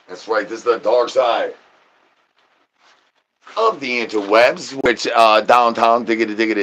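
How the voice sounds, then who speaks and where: A man doing an absurd comic rant, rambling nonsense and doubling words in a sing-song way, with catchphrases he drags out into a slow chant. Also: on the low side, a bit bright.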